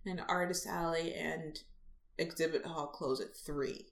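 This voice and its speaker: A woman's voice: low voice, measured pace, gravelly. Chatty woman in an echoey room. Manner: chatty and animated, with fillers and laughs. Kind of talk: casual chat about conventions.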